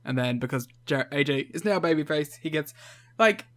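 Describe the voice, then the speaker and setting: A man's voice: on the high side, animated, a little fast, fairly bright tone. Wry joking man on a podcast. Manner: wry, joking, swears casually. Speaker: podcast co-host. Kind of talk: casual chat.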